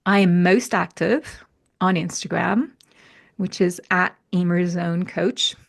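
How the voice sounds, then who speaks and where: A woman's voice: lowish voice, slow pace, vocal fry. A woman guest in a casual podcast conversation, telling stories and acting out her inner voices with animation. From UK or Ireland.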